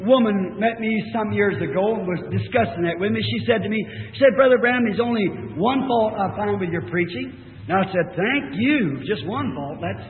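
A man with a very high voice preaches a revival sermon, fervent and climbing into shouts. He sounds distant in a large, reverberant hall. The old recording is thin and phone-like, with a little noise behind him.

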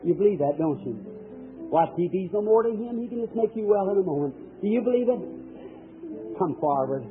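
A man's voice: high-pitched, lively intonation, fairly quick, faint music behind. A man preaching at a healing service, praying and speaking directly to people one by one in a fervent, emphatic way. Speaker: preacher and faith healer. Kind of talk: healing-service sermon with prayer. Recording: thin, tinny old archival tape.

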